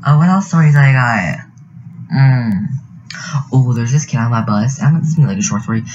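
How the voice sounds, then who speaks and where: A man's voice: mid-range voice, lively intonation, fairly quick, a little mellow, highs cut off, slight background noise. A teenage boy, telling an indignant, rambling story over a game video, full of fillers. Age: teens. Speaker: youtuber narrating a speed build. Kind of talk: casual storytelling voiceover.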